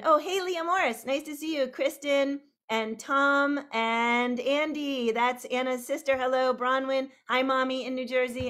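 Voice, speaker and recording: A woman's voice: sits high, a bit bright. A woman hosting an online video call, greeting viewers one by one by name in a bubbly, rambling way, laughing often. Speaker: host.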